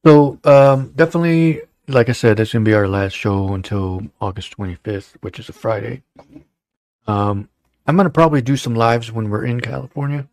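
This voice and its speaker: A man's voice: mid-range voice, normal speed, a little mellow, no echo, studio quality. A man hosting a casual livestream show, rambling and joking with lots of fillers. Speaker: show host.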